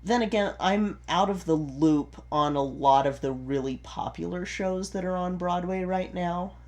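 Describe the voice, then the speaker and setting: A man's voice: sits high, unhurried. A man co-hosting a casual podcast, explaining theatre with an easygoing, chatty manner and frequent ums and restarts. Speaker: podcast co-host, theatre performer. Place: home recording setup in Utah.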